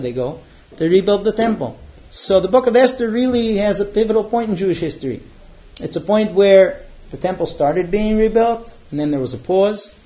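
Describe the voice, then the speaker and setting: High-voiced man teaching scripture, lo-fi. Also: warm tone. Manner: chants the Hebrew verse slowly, then translates and storytells with quoted dialogue. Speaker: Torah teacher. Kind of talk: Torah class, explaining verses.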